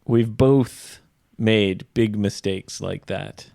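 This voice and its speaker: A man co-hosting an English-learning podcast, talking casually, slowly and clearly, explaining phrases as he goes. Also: lowish voice, dark tone, no room sound, clean studio sound. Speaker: podcast co-host and English teacher.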